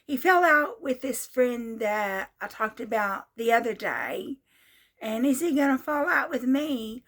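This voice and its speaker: A woman in her sixties speaks with a high voice in a casual vlog monologue. She retells events in a repetitive, exasperated way, circling back to the same points. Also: animated, measured pace, fairly bright tone. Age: 60s. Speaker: vlogger.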